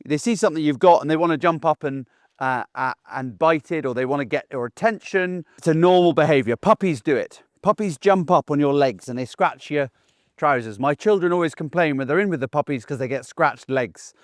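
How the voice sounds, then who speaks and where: A middle-aged dog trainer gives an instructional talk to camera, speaking briskly in a voice on the high side. He's plain-spoken, assertive and down-to-earth, frequently checking in with "okay?". The studio-quality audio has no room sound.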